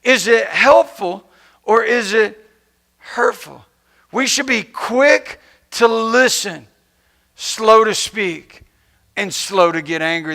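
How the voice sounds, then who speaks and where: A man's voice: sits high, pushed and bright. A man preaching a sermon in church in a conversational, playful way, acting out complaining people. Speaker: pastor.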